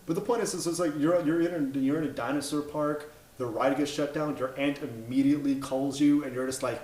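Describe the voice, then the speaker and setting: A man's voice: fairly high pitch, steady tone, brisk, hardly any pauses, darkish tone. A man in his thirties giving an opinionated movie review rant, blunt and exasperated, swearing and tripping over his words. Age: 30s. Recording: echoey room.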